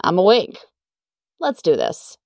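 A chatty young waitress from New York with a brassy, familiar way of talking, as a woman reads her. The voice is gravelly, in a dry, close space. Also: fairly low pitch, huge pitch swings, takes it slowly, no echo, exaggerated voice. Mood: eager.

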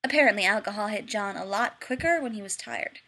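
A woman's voice: mid-range voice, brisk, pushed and bright. A woman narrating a story expressively in an audiobook reading.

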